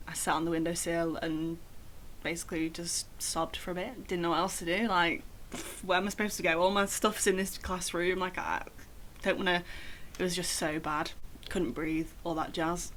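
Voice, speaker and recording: A woman's voice: fairly low pitch, fairly bright tone, slight background noise. A young woman telling a personal story in a casual vlog, chatty and full of "like" fillers. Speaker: vlogger.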